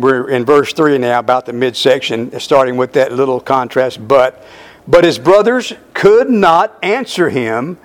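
Slow, emphatic male preacher. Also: medium pitch. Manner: slow, emphatic Bible exposition. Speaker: pastor. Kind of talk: sermon.

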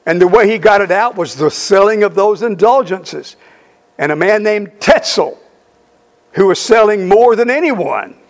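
A man's voice: high-pitched, animated, a little slow. A middle-aged man preaching a sermon, telling a story emphatically with repeated phrases.

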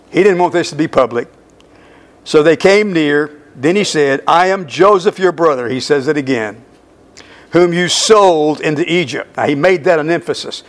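A male pastor preaching slowly through a Bible passage, stressing key words and repeating lines for emphasis. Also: a little high. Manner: slow, emphatic Bible exposition. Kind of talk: sermon.

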